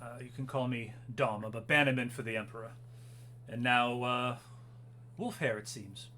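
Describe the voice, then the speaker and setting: A composed officer in a fantasy tabletop game speaks in a measured, formal way, calm but firmly in command, as a man puts him on. His voice sits in an ordinary middle range with a bright edge, and a faint hum runs underneath. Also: mid-range voice, lightly acted.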